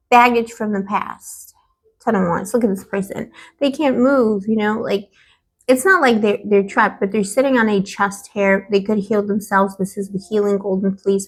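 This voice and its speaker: A woman reads tarot cards for her viewers, her voice hoarse and fading. She talks in an affectionate, playful way, slips in pet names and dramatic asides, and speaks at a middle pitch for a woman. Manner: affectionate, calls the viewer boo-boo and baby. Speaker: tarot reader. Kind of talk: tarot card reading.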